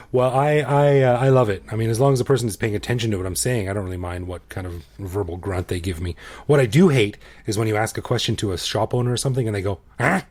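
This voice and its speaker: A man's voice: fairly low pitch, fairly quick, darkish tone. A man hosting a podcast, talking in an easygoing, playful way and laughing often. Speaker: podcast host. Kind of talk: casual conversational podcast chat.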